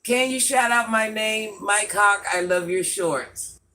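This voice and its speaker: Bright-voiced woman hosting a live stream. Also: mid-range voice, slow. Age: 40s. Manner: affectionate, repetitive, calls herself Granny. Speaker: livestream host. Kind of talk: live-stream chat shouting out viewers.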